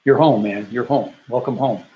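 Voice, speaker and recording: An older man voicing a kind, earnest male driver who speaks in a gentle, insistent way. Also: medium pitch, moderate pace, a little hiss or hum, natural voice, low-quality recording.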